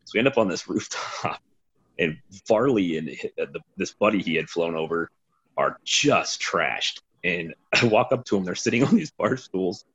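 A man's voice: sits low, lively intonation, normal speed, fairly bright tone, husky. A man telling rambling, profane stories as a podcast guest, over a dull lo-fi recording. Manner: rambling, swearing, laughing storyteller. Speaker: podcast guest, former team DJ. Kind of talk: casual storytelling. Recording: dull lo-fi sound.

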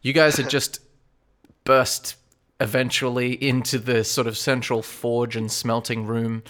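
A man narrating as game master in a relaxed way, laughing often between lines. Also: mid-range voice, unhurried. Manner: relaxed, chuckling narration with fillers.

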